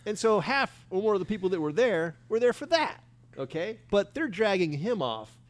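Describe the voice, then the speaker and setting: A man's voice: sits high, very animated, moderate pace. A man hosting a casual chat, enthusiastic and jumping in often.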